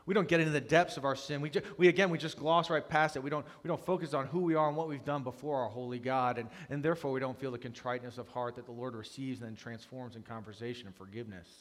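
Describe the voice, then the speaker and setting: A man preaching a conversational sermon as a pastor, earnest, dropping to hushed confession and rising to loud emphasis. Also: mid-range voice, steady tone, fast talker, hardly any pauses. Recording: long reverb of a large hall.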